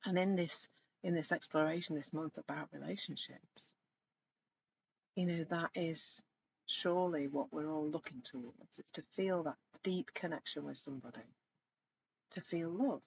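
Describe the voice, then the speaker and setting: A middle-aged woman coaching in a live online session, speaking reflectively and gently and growing animated when she retells stories. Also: on the low side, unhurried, creaky, long pauses. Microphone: video call. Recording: slightly dull lo-fi sound with faint noise.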